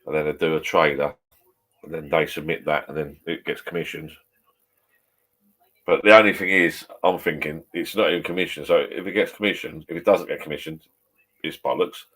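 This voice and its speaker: A man's voice: extremely low pitch, fairly even intonation, fairly quick, a bit bright, slightly rough. A man in his fifties chatting casually in his home pub shed, rambling, swearing and chuckling a few beers in. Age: 50s. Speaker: vlogger.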